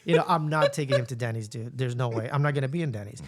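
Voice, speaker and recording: A man's voice: medium pitch, racing, very noisy. A man co-hosting a podcast, chatting casually and rambling, slipping in Spanish words. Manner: animated, rambling, mixes in Spanish. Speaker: podcast co-host. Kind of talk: casual chat.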